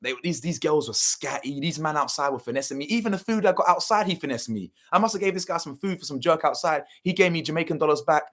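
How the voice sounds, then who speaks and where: A man's voice: a little high, expressive, fast, hardly any pauses, a bit bright. A young man, telling a story casually and animatedly, full of slang and swearing, acting out what people said. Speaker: channel host.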